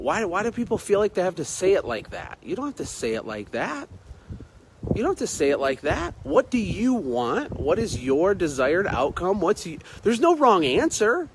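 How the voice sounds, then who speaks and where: Casual male livestreamer, slightly high voice, loose and conversational, phone mic outdoors at night. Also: very animated, normal speed, a little hiss or hum. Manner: conversational, repeats himself, greets viewers by name. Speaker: business motivational speaker. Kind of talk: casual Facebook Live talk.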